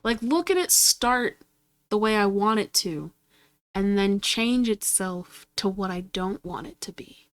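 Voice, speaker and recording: A gaming streamer chats to herself at her computer, exasperated and cursing at the game as she plays. Her medium-pitched voice is animated yet unhurried, and the recording is dry.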